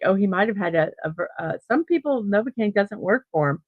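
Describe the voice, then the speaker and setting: A woman's voice: mid-range voice, fairly quick, hardly any pauses, no echo, dull audio. A middle-aged woman hosting a casual morning livestream, telling a rambling story and chatting with viewers. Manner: rambling, animated storyteller with restarts and laughs. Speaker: host of a daily morning livestream. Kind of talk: casual storytelling and chat reading viewer comments.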